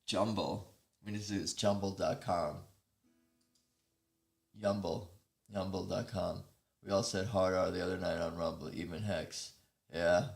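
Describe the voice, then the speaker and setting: A man's voice: deep voice, fairly even intonation, unhurried, creaky, long pauses, darkish tone, echoey room. A man hosting a casual live stream, rambling and breaking off mid-sentence as he chats with viewers. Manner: rambling, self-interrupting, chatting with viewers.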